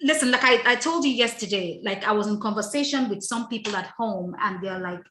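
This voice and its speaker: A woman's voice: mid-range voice, a little fast, pushed and bright, roomy sound, slight background noise. A woman hosting a casual panel chat, often stumbling and repeating words as she starts her thoughts. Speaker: podcast host.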